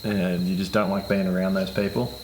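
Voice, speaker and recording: A young man co-hosting a podcast, dropping dry, deadpan quips in casual chat. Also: low-pitched, a little fast, a little hiss or hum. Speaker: podcast co-host. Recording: roomy echo, crickets audible.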